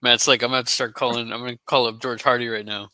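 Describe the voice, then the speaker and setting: A man's voice: medium pitch, level tone, racing, sharp tone, dry recording. A man from the United States, a guest making wry, laid-back remarks during a casual commentary.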